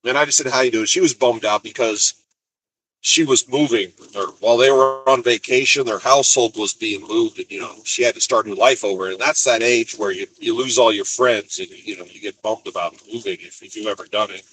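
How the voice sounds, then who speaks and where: A man's voice: fairly low pitch, fairly quick, fairly bright tone, low-quality recording. A man from Colorado who drives a truck, telling rambling stories in a chatty, casual vlog and laughing easily. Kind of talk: casual storytelling.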